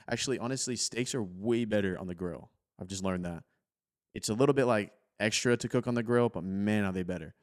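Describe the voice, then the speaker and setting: A man with a fairly low voice talks through a software tutorial over his screen recording. His delivery is relaxed and chatty, full of casual fillers like "like.". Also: fast talker. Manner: relaxed, conversational, peppered with "like". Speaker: tech tutorial host.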